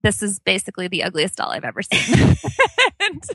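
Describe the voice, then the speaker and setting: A woman in her forties, a book author chatting as a guest and telling a family story in an animated way. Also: medium pitch, normal speed, dry recording. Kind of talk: casual storytelling.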